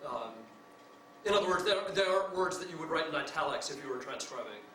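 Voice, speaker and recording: A man's voice: on the high side, animated, quick pace, fairly bright tone, roomy sound, recorded from a distance, slight background noise, low-quality recording. A man in the audience asking a lecturer a detailed question, carefully qualifying his points with fillers.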